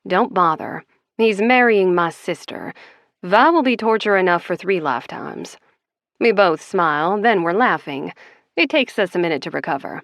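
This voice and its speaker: A woman's voice: mid-range voice, expressive, a little slow, fairly bright tone, dry recording, studio quality. A woman narrating a first-person romance audiobook in a wry, conversational way.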